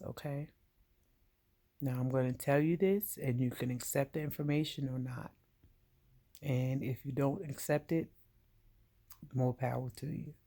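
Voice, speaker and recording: Slow, low-voiced woman giving earnest advice. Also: creaky, darkish tone. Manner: direct, emphatic, talks straight to the viewer. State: getting emotional. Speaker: veteran vlogger giving advice.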